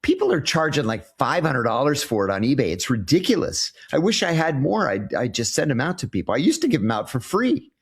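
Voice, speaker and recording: A man's voice: mid-range voice, a little fast, few pauses, slightly rough. A man in his sixties, a former intelligence officer answering interview questions in a casual, storytelling way. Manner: animated storyteller, acts out quoted exchanges.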